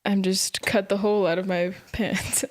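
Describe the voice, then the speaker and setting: A woman's voice: medium pitch, level tone, moderate pace, close to an everyday voice. A woman improvising a playful, haughty wealthy party hostess who teases her maid and laughs often. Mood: teasing. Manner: laughs often, teasing and grand. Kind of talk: improvised comedy scene. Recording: live stage with loud guitar music.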